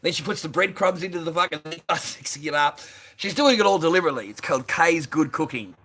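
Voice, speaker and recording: A man's voice: fairly high pitch, lively intonation, fast talker. A middle-aged Australian man chatting casually and profanely on a phone livestream, rambling and laughing often. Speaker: livestream host. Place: garage workshop. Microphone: phone on a holder.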